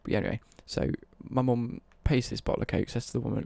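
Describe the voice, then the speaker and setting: Young English male streamer, dark husky gravel, casual rambling anecdote, swears freely. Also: mid-range voice, fairly even intonation, quick pace, no room sound. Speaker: livestreamer. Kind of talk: casual storytelling on a livestream.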